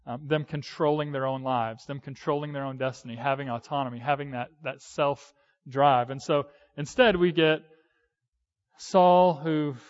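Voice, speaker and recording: A man in his thirties preaching in an easygoing, conversational way, often pausing on fillers and starting sentences over. His voice sits a little high for a man, and the recording has a dull, lo-fi sound. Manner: conversational, with hesitant fillers and restarts. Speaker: pastor. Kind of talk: sermon.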